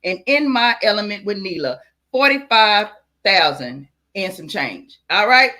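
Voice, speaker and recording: A woman's voice: medium pitch, big pitch swings, measured pace, pushed and bright. A woman hosting a livestream giveaway, reading out supporters' names in a hyped, sing-song way. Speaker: channel host. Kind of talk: livestream giveaway shout-outs.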